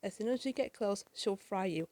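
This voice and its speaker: A woman's voice: mid-range voice, moderate pace, mellow, no echo, natural voice. Worried young sidekick boy, read by a woman. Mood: anxious. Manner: anxious, urgent. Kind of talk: reading a comic aloud.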